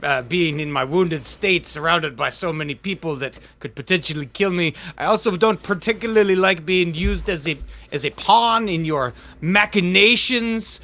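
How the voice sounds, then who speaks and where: A man's voice: high voice, moderate pace, hardly any pauses, bright, forceful tone. A man voicing a formal, genteel wounded young officer in a tabletop game, stammering through polite phrases. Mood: wary.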